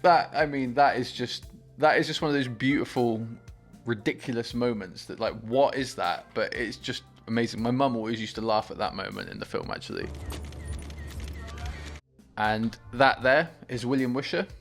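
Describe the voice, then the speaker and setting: A man hosting a movie reaction, talking about the film with excited, gushing enthusiasm. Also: medium pitch, moderate pace, soft background music.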